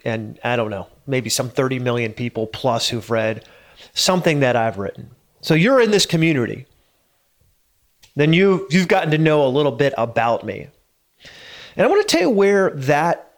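A middle-aged man talks through a solo podcast episode in a relaxed, rambling storytelling manner, chuckling now and then. His voice sits at an ordinary middle pitch. Faint music plays softly underneath. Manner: casual storytelling with chuckles and hesitations. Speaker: podcast host. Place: home studio.

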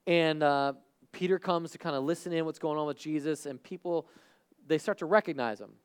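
A man preaching a sermon, who acts out the people in the story and swings from loud and excited to hushed and earnest. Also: fairly high pitch, fairly quick, clean tone. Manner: talks to a live congregation, asks them questions. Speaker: pastor.

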